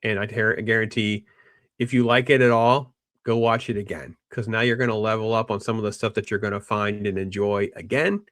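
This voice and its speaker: A man hosting a casual film discussion, rambling with restarts and animated quoting of characters. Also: lowish voice, fairly quick, dry recording, studio quality. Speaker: podcast host.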